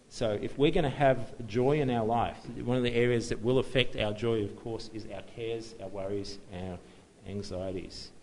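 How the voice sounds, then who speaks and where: A man's voice: lowish voice, a little mellow, a little hiss or hum, poor audio. A man preaching a sermon in a conversational, self-deprecating way, often restarting and chuckling at himself.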